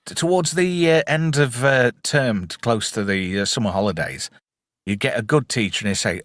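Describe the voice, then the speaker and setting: A man's voice: medium pitch, normal speed, fairly bright tone, dry recording, studio quality. A man in a casual podcast chat, bawdy and joking, rambling from story to story. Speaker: podcast co-host.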